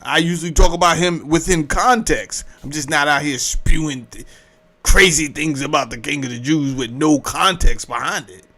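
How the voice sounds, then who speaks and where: A man giving casual, mocking commentary, animated and swinging between loud and soft. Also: a little high, moderate pace.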